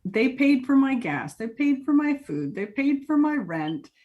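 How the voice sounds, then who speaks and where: A woman's voice: sits high, very animated, a little slow, narrow, tinny audio. A woman in her thirties with an American accent, answering interview questions in a chatty way and laughing often. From United States. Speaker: interview guest. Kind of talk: casual interview.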